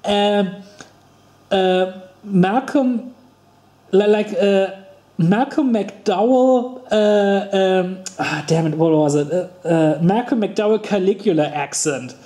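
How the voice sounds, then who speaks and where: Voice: medium pitch, takes it slowly, mellow, reverberant. A podcast co-host chatting about films, hesitant and often searching for names. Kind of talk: casual chat about films.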